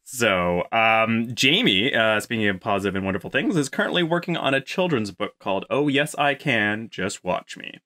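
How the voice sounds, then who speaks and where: A man's voice: lowish voice, moderate pace, hardly any pauses. A man hosting a comedy podcast, joking and chatting playfully with his co-host and guest. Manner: playful, jokey, animated.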